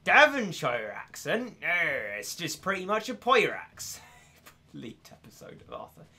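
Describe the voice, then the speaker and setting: A man's voice: fairly high pitch, huge pitch swings, measured pace, creaky, sharp tone, faint music behind. A young man chatting casually and laughing on a live stream. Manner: chatty, giggly, self-mocking.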